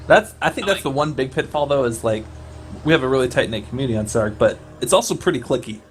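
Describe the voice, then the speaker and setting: A man's voice: mid-range voice, expressive, fast, faint music behind. A man chatting on a casual gaming podcast, agreeing readily and hedging his points.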